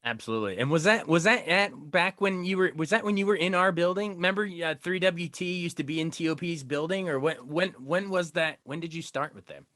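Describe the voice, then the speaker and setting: A man's voice: a little high, brisk, few pauses, a bit bright, no room sound, clean studio sound. A man hosting an interview podcast, asking friendly, enthusiastic questions. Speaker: podcast host and entertainment reporter. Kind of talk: casual interview.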